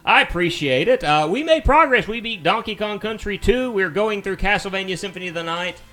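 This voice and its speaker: Male game streamer, mild Southern US accent, easygoing and rambling, slightly higher voice. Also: expressive, a little fast, bright, forceful tone. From Alabama, US. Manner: chatty and rambling, easy-going. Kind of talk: casual live-stream chat while playing.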